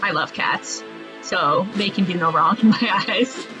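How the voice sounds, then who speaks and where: A woman's voice: fairly low pitch, measured pace, music in the background. A woman giving casual gameplay commentary, chatty and jokey, laughing often as she plays. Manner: chatty, laughs often, jokes about the game. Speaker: let's play gamer. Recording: slightly muffled lo-fi audio.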